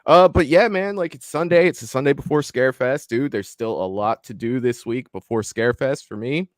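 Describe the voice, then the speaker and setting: A young man hosting a casual live-stream chat, excited and rambling, swearing freely as he talks. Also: mid-range voice, brisk, no room sound, studio quality. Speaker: host.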